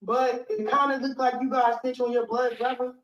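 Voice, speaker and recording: A woman's voice: on the high side, level tone, brisk, roomy sound. Woman ranting on a distant lo-fi clip. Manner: accusing, taunting. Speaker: livestreamer. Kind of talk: angry livestream rant.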